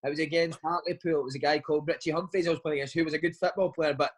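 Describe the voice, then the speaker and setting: A man's voice: fairly high pitch, fairly even intonation, rapid-fire, rough recording. A man, a footballer, chatting casually in an interview and telling long anecdotes, forever saying "mate". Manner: chatty storytelling, says "mate" constantly. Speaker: footballer guest.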